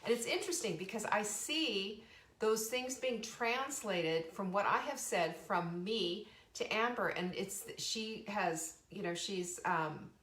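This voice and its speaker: A middle-aged woman hosts a live show with casual, bubbly, enthusiastic chatter and lots of restarts. Her medium-pitched voice is a bit bright, she takes her time, and the room echoes.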